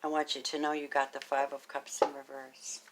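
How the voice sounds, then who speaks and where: A woman giving a casual spoken tarot reading, chatty and affectionate, thinking aloud as she goes and now and then dropping into a soft, half-whispered aside. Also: extremely low pitch, monotone, moderate pace, rough recording. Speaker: tarot card reader.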